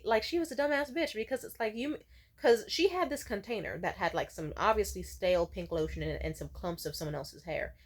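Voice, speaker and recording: A woman's voice: medium pitch, slightly rough. A woman vlogger telling a storytime, casual and blunt, swearing freely and rambling with many restarts.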